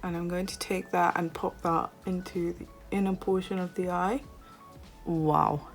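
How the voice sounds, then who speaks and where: Slow-talking gushing woman. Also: fairly low pitch, creaky, soft background music. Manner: gushing, excitable, gasps and squeals at shades. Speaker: beauty vlogger. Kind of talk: makeup tutorial chat.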